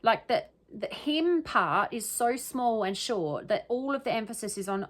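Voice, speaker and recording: A woman's voice: a little high, lively intonation, unhurried, a bit bright. A woman giving casual solo commentary that analyzes the wording of an interview, thinking aloud and often checking in with "right?" and "okay?". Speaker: true crime commentator.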